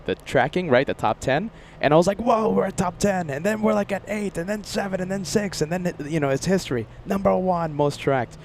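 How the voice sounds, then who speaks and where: A man's voice: medium pitch, a little hiss or hum. An upbeat, chatty man hosting a casual livestream outdoors near an airport and reading viewer messages. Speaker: livestream host.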